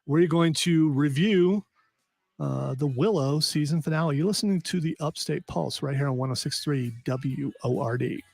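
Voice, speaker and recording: A man's voice: fairly high pitch, normal speed, creaky, darkish tone. A man hosting a casual radio talk show, reading news quotes aloud with lots of fillers. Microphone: radio studio microphone.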